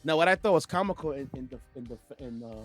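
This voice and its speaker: A man's voice: mid-range voice, animated, fast, soft background music. A man co-hosting a podcast, telling a story in casual banter and stumbling over words now and then. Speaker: podcast co-host.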